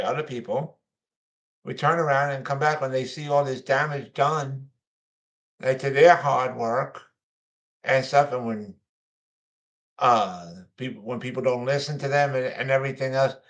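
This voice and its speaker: A man's voice: mid-range voice, a bit bright. A man hosting his own show, talking casually in a rambling, repetitive way with many fillers. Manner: mocking whiny voices when quoting others. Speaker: host. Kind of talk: casual monologue.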